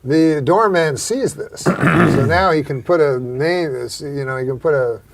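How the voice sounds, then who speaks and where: A male host telling rambling, profane stories in a deadpan way during a casual comedy chat. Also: fairly high pitch, unhurried, vocal fry.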